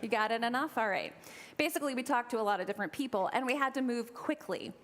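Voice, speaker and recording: A woman's voice: a little high, fast talker, fairly bright tone, slight background noise. A woman from Eastern Kentucky preaching a sermon as minister, conversational and with humorous asides to the congregation.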